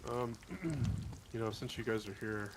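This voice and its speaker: A man in roleplay chat inside a survival game, calm and steady as he passes on warnings. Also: on the low side, measured pace, background noise.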